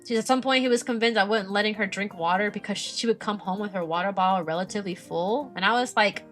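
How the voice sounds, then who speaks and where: A young woman, a streamer who teaches kindergarten, chatting casually and animatedly about her work, often mimicking parents in a higher voice. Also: quick pace, a bit bright, soft background music. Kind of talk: casual chat.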